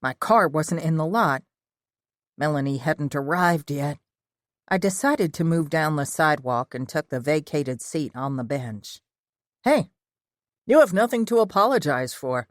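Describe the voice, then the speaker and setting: A woman narrating a first-person audiobook in a steady, measured reading voice. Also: low voice, dry recording, clean studio sound.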